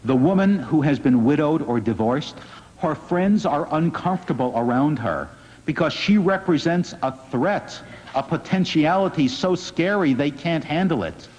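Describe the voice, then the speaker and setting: Man, rabbi, husky voice, earnest and wry, lo-fi hall recording. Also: a little high, animated, normal speed. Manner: earnest, gently wry storyteller. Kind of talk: inspirational public talk. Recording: dull lo-fi recording in a reverberant hall.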